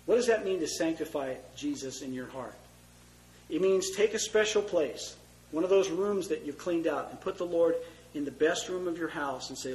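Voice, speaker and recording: A man preaching a conversational sermon, moving between loud emphasis and hushed, tender asides. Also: a little high, normal speed, low-quality recording. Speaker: pastor.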